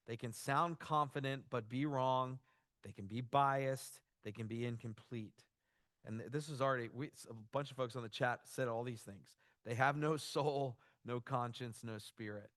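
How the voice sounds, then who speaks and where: A man leads a church workshop in an easygoing, conversational way, often breaking off and restarting his thoughts. His voice sits at an ordinary middle pitch. The recording is dry, with little room sound. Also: a bit bright, no echo. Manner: casual, loose, with frequent restarts and "like". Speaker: workshop presenter.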